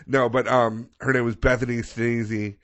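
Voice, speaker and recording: A man's voice: medium pitch, measured pace, dull audio. A man co-hosting a podcast, telling a long story casually and animatedly, acting out the people in it with plenty of swearing. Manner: animated storyteller, acts out quoted people, profane. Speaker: podcast co-host.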